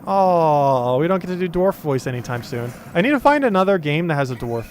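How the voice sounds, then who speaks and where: Casual New Jersey game streamer. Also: male voice, a little high, very animated, a little fast, a little mellow, a little hiss or hum. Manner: casual, self-chatting. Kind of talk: live gameplay commentary.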